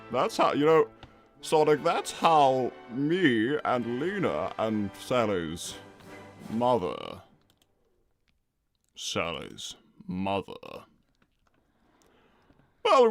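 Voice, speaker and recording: A man plays a self-important old squirrel king who rambles and loses his thread, his gravelly voice swooping wildly from low growls to high squeaks. It is live improvised character roleplay with faint music underneath. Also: fairly bright tone, full character voice. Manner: pompous, rambling, easily distracted. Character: pompous older male squirrel king, rambling. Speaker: livestream character performer.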